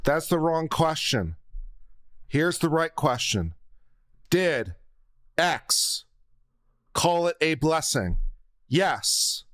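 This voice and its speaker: A man's voice: fairly high pitch, sing-song, extremely slow, long pauses, a bit bright. Guy breaking down a deposition, blunt and exasperated, takes his time. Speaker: legal commentator. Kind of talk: commentary over a video.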